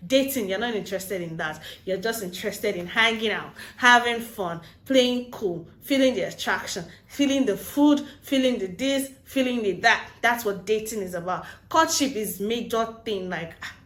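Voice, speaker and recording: Woman, advice vlogger, lively storyteller, mid-pitched, echoey room. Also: moderate pace, few pauses. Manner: animated storyteller, mixes in pidgin phrases. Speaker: Christian relationship vlogger. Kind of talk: casual advice vlog. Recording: roomy echo.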